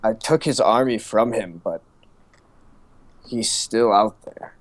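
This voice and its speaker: A man voicing a young male magister who has lost his magic, speaking slowly in a subdued, doubting way. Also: on the low side, dry recording. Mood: despairing.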